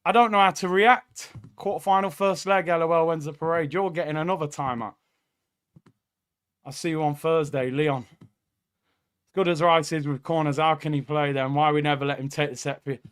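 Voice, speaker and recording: A man with a high, bright voice hosting a live football watchalong from an indoor room. He reacts excitedly to every moment of play and reads viewers' messages aloud. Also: moderate pace, smooth. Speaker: watchalong host.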